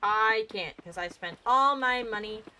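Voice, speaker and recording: Bright-voiced chatty young woman streamer. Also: fairly high pitch, a little slow, a little hiss or hum. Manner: chatty, excitable, talks to herself. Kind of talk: casual let's-play commentary.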